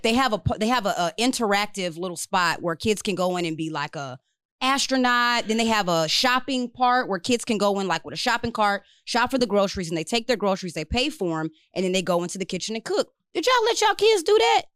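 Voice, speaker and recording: Woman co-host, lively swooping pitch, dry close sound, casual and animated. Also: a little fast, smooth, no echo. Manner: animated, mocking impressions of others. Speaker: podcast co-host. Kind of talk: casual chat.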